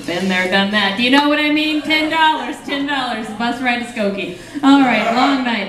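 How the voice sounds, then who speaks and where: A woman's voice: on the high side, animated, normal speed, few pauses, background noise. A woman doing a rambling, self-deprecating stand-up set on a small cafe stage. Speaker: stand-up comedian. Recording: roomy live cafe recording.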